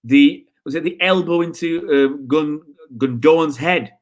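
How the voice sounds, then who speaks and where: A football channel host rants in frustration during a live stream, answering viewer comments with rhetorical questions. His voice is a little high and unhurried.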